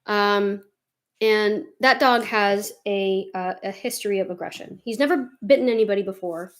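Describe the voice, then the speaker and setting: A woman's voice: mid-range voice, normal speed. A young woman chatting casually while doing her makeup, rambling and swearing freely as she gets heated. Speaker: vlogger doing a makeup tutorial.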